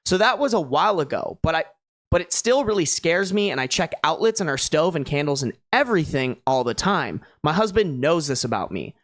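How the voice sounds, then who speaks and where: A sing-song, medium-pitched voice, a little fast, reads online posts on a stream, the sound clean and studio-grade with no room sound. Between passages come incredulous, exasperated reactions, all in slangy, casual talk that addresses listeners as bro and dude.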